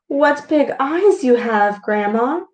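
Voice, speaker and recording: A woman voicing a curious young storybook girl, speaking slowly and wonderingly. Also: sits high, lively intonation, a little mellow. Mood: wary. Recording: echoey room.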